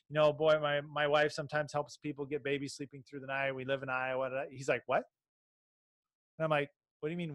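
A middle-aged man with a slightly higher voice tells a story in loose, casual chat. He rambles and restarts often, with lots of fillers. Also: fairly bright tone. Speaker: podcast guest, baby sleep business owner.

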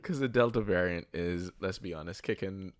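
A man's voice: sits low, moderate pace. A man co-hosting a casual podcast, riffing with strong opinions and sports comparisons. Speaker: podcast co-host. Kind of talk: casual chat.

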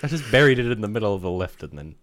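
A man's voice: fairly low pitch, very animated, very fast. A man telling a rambling, profane work story in casual chat.

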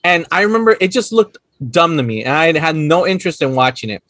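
A young man talks about films in loose, animated chat, swearing freely and acting out favorite lines. His voice sits high and jumps all over the place. The sound is dry and close. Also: fast, dry recording. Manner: animated, swearing, acts out movie quotes with laughs. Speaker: podcast co-host. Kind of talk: casual chat about movies.

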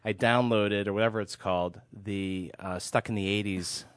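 A man's voice: lowish voice, fairly even intonation, moderate pace, no room sound. Joking man guest, dry close sound. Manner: joking, self-deprecating, rambling. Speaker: guest music critic. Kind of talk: joking casual chat.

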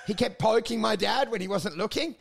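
Crude, gravelly-voiced man. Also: high voice, brisk. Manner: crude, rambling, animated storytelling with mocking put-on voices. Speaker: podcast co-host. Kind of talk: casual comedic chat.

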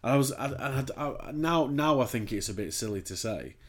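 A man's voice: mid-range voice, expressive, moderate pace. A man co-hosting a podcast, rambling and swearing in casual chat. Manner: sweary, rambling, laughs easily. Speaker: podcast co-host.

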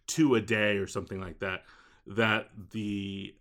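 A man with a bright, forceful edge to his voice, chatting about poetry. He thinks aloud, hesitating and restarting as he works out his view. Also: fairly low pitch, level tone, unhurried. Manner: thoughtful, hesitant with frequent "um". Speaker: book discussion co-host. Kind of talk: casual chat.

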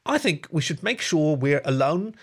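A man's voice: fairly high pitch, sing-song, moderate pace, fairly bright tone, husky, voice pushed up, exaggerated voice. Man doing a grumbling male rat. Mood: calm. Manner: grumbling, terse. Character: grumpy steady male rat, adult husband.

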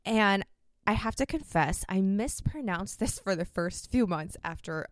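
A woman's voice: medium pitch, animated, unhurried, no room sound. Upbeat chatty woman podcast host. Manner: chatty and upbeat, laughs often. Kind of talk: casual podcast talk.

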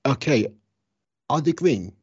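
A man's voice: medium pitch, lively intonation, slow pace, slightly rough, no echo. A man co-hosts a casual podcast and keeps his replies short and easygoing. His voice is dry and a little muffled, as if heard through a modest mic. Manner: laid-back, brief replies with short laughs. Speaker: podcast co-host. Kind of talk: casual chat.

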